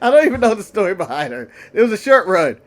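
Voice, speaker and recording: A man co-hosting a podcast, joking around in casual, animated chat and laughing a lot. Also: high voice, fast. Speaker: podcast co-host.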